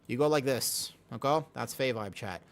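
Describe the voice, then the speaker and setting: A man's voice: medium pitch, moderate pace, vocal fry. A man live-streaming a video game, chatting casually with viewers and friends and explaining his point with emphatic repetition and the odd swear. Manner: talks to chat and friends while teaching.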